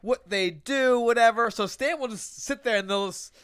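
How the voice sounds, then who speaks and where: Young male co-host, high and smooth voice, animated storyteller who acts out others' lines. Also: moderate pace. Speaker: podcast co-host. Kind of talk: casual chat.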